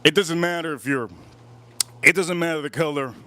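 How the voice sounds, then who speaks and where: A man's voice: on the high side, normal speed, pushed and bright. A man reviewing a fragrance in a casual, rambling monologue, repeating himself and pressing his points hard. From United States. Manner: rambling, repetitive, emphatic; restarts often.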